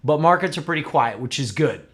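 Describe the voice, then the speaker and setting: A man's voice: a little high, brisk. A middle-aged man from upstate New York, hosting a casual livestream chat with lots of fillers. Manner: relaxed, chatty, frequent fillers. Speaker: host.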